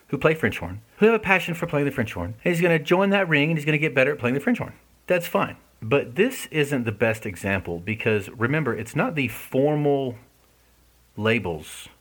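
Guy, slightly low husky voice, talking earnest and casual, keeps asking if it makes sense. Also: a bit bright. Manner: earnest, conversational, asks listeners questions. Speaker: speaker discussing an essay. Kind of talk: casual reflective talk.

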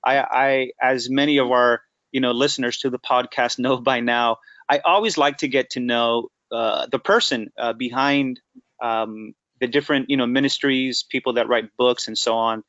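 A man's voice: medium pitch, fairly even intonation, moderate pace, a bit bright, dry recording, highs cut off. An earnest man hosting a faith-centered podcast, speaking in a mid-range voice. He sounds appreciative and sincere as he introduces and draws out his guest. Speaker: podcast host.

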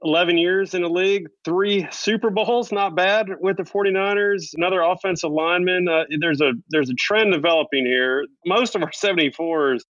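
A man's voice: sits high, moderate pace, few pauses, fairly bright tone, no echo, lo-fi sound. A man co-hosting a casual sports podcast, talking in a playful, teasing way and laughing often. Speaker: podcast co-host.

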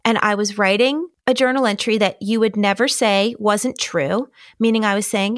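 A woman's voice: medium pitch, fairly even intonation, moderate pace, hardly any pauses, dry recording, clean studio sound. A middle-aged woman, a guest in a conversation, telling a personal story in an earnest, candid and emotionally open way. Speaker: podcast guest.

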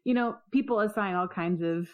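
A woman co-hosting a podcast, making quick joking asides in a casual chat. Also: mid-range voice, muffled recording. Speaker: podcast co-host.

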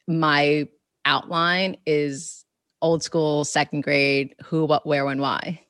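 Woman, children's author guest, low voice, rambling casual speech, close dry sound. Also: flat delivery, slow, fairly bright tone, dry recording. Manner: rambling, full of "like" and "you know"; reenacts conversations in quotes. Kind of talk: casual interview chat.

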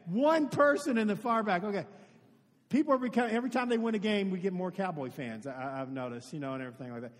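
A man preaching a sermon, telling a story earnestly and addressing his congregation directly in a church. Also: high-pitched. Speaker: pastor. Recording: long hall reverb.

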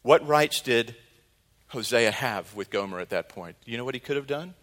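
A male pastor preaching a sermon, telling a story earnestly and dramatically, moving between loud and hushed delivery. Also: mid-range voice, expressive, moderate pace.

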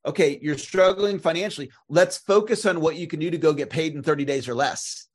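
A man with a slightly high voice co-hosting a sales podcast. He speaks in a measured, reflective way and sometimes pauses on fillers as he thinks. The tone is that of a seasoned sales trainer talking things through. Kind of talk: podcast conversation.

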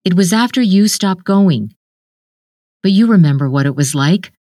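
A woman reading the lines of a gentle, apologetic older brother speaking over the phone. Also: fairly low pitch, lively intonation, moderate pace, dry recording, studio quality, pitched above the performer's own voice, close to an everyday voice.

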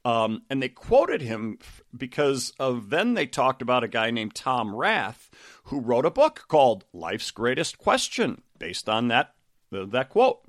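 A man's voice: mid-range voice, sing-song, measured pace, dry recording, clean studio sound. A middle-aged man, a coach and podcast host, talking casually about a book, rambling with lots of fillers and restarts.

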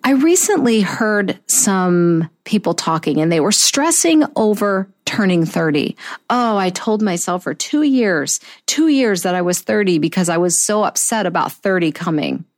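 A woman in her fifties hosting a motivational talk show, earnest and encouraging, slowing down to stress key phrases. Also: fairly low pitch, big pitch swings. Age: 50s. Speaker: podcast host.

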